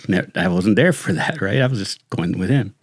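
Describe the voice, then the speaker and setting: Gravelly low-voiced retired lawman. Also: normal speed, no echo, clean studio sound. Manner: animated, slangy, says "dude" constantly. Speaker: retired sheriff's lieutenant, podcast guest. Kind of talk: casual storytelling chat.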